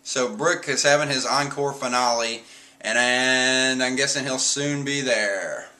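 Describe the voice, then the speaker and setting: Male streamer, bright tone, chatty chapter recap that jumps into squeaky impressions. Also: measured pace, poor audio. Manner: animated, jumps into squeaky voices for quotes. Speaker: host reviewing manga chapters. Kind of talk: casual recap with quick character voices.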